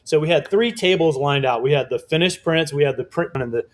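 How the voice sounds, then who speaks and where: A man telling a lively story as a guest in an interview, casual and swearing often, acting out other people's voices. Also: a little high, brisk. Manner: animated, swearing, acts out quoted voices. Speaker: guest artist.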